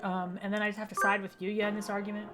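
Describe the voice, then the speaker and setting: A woman's voice: mid-range voice, flat delivery, fast talker. A woman vtuber giving casual, joking commentary while playing a game. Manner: chatty, joking asides. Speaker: vtuber streamer.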